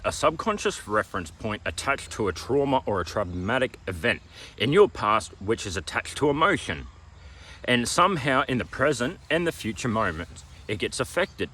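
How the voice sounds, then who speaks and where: Over slight background noise, a man with an Australian accent gives a preachy, emphatic self-help talk in a fairly low, fairly bright voice. As a motivational vlogger, he repeats slogans and keeps asking "all right?"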